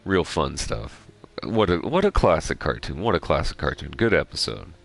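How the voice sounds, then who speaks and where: A man's voice: low voice, big pitch swings, moderate pace, vocal fry. A young man giving rambling, joking gameplay commentary with casual profanity. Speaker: gaming streamer.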